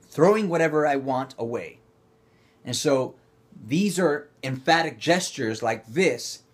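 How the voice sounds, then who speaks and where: Husky man coaching an acting class. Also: mid-range voice. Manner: coaching, calling out cues, rising to loud effortful bursts. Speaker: acting teacher. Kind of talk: demonstrating movement exercises to camera.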